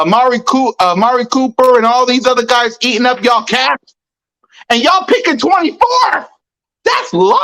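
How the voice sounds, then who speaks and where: A fired-up sports podcast host hammers points home, repeating lines for emphasis. The voice sits at an everyday middle pitch, and the delivery is loud, heated and blunt. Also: rough recording. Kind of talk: ranting sports talk.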